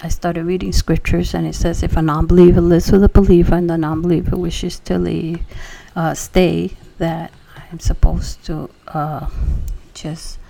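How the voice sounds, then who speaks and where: A woman sharing a personal faith testimony, telling her story with emotion and often dropping into a breathy whisper. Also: fairly low pitch, level tone, normal speed, warm tone.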